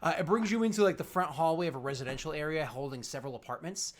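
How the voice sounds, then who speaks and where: A game master narrating a fantasy tabletop game, halting and full of fillers. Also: mid-range voice.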